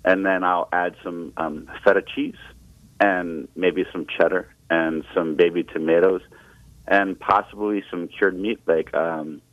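Deep-voiced man on a tinny phone line. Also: steady tone, no echo. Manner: halting, lots of fillers. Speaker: radio show caller. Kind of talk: casual phone chat.

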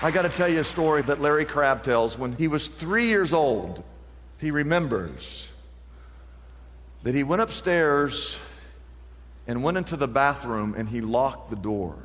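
A man preaching a sermon with fervor, swinging between loud, rising appeals and hushed, quiet storytelling. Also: mid-range voice, expressive, measured pace, big-room sound, a faint crowd, a little hiss or hum. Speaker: pastor.

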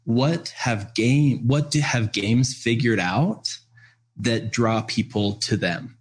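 A man's voice: mid-range voice, slow pace, breathy edge. A man telling a story and explaining an idea in casual conversation, earnest, with many "uh"s and "right?"s. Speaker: guest speaker on parenting.

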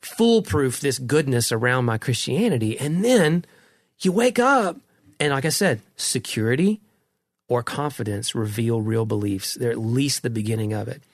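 A man's voice: mid-range voice, expressive, normal speed, dry recording, clean studio sound. A middle-aged man in a casual conversation about faith, earnest and reflective, often restarting his sentences.

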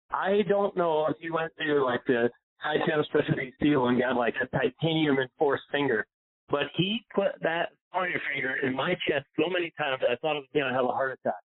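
A Pennsylvania golf instructor with a somewhat high voice and normal pace tells a long personal story in an interview, rambling with many fillers and getting choked up. It sounds like a phone line.

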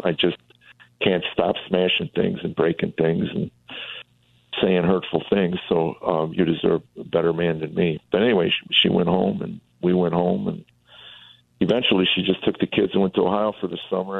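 A man's voice: sits low, flat delivery, normal speed, vocal fry, slightly rough, no echo. A middle-aged comedian telling his life story on a radio talk show, acting out the voices of people he quotes. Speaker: comedian and author guest. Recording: tinny phone line.

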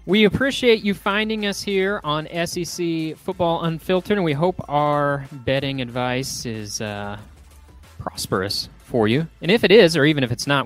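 A man's voice: mid-range voice, a bit bright. A man co-hosting a sports podcast, bantering with a light, joking manner. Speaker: podcast co-host. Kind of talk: casual sports podcast chat.

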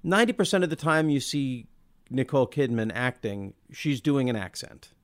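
A man's voice: medium pitch, expressive, normal speed. A man co-hosting a casual film podcast, talking thoughtfully and with enthusiasm, stretching words and restarting his sentences. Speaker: podcast co-host.

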